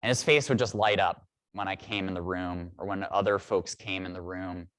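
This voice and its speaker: A man in his thirties preaching a sermon in a church, telling a reflective story at a measured pace with pauses. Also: low-pitched, fairly even intonation, a bit bright, no room sound. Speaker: priest.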